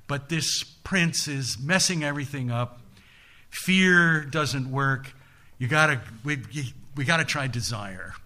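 Man playing a gruff greedy demon king, exasperated, unhurried and bright in tone. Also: mid-range voice. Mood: wheedling. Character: grumbling male demon king, greedy and bossy.

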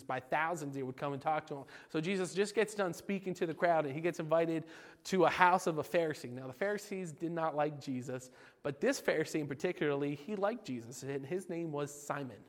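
A man delivers a casual, joking sermon, throwing questions at his listeners. His voice sits a little high for a man. A long reverb trails his words around the hall. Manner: animated, jokey, asks the audience questions. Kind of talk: informal sermon.

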